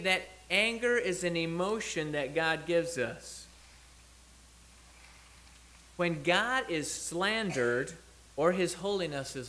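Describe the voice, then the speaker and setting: Bright-voiced man preaching a conversational sermon. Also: fairly high pitch. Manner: conversational, thinks aloud with restarts and self-corrections. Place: church.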